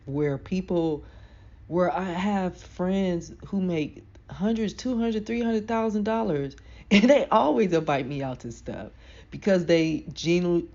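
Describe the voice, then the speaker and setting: A woman with a deep voice giving casual, frank motivational advice to camera. She talks emphatically, in slang. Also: darkish tone, muffled recording. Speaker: self-help vlogger.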